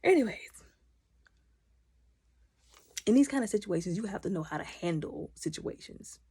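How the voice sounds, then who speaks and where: A woman recapping a TV episode in casual, animated commentary, opinionated and talking back to the characters. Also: medium pitch, normal speed, breathy edge, dry recording, clean studio sound. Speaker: video recap host.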